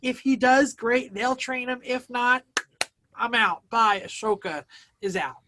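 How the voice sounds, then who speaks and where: A man's voice: very high-pitched, measured pace, noisy background. A man hosting a casual podcast chat, recapping a plot at length and stopping to explain the background. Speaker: podcast host.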